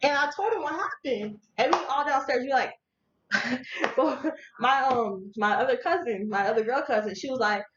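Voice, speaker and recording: A young woman vlogger telling a story in casual, slangy speech, animated and laughing along as she talks. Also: sits high, normal speed. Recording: echoey room, dull lo-fi audio, faint noise.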